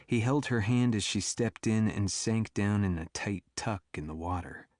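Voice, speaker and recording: Low steady guy reading an audiobook, dry close sound. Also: normal speed, no echo. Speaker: audiobook narrator. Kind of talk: scripted narration.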